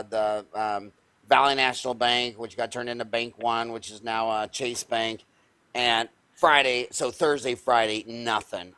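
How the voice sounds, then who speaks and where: A man's voice: medium pitch, a bit bright. A man in his fifties, hosting a show, telling a story with energy and emphasis in a folksy, conversational way. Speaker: podcast host, dentist.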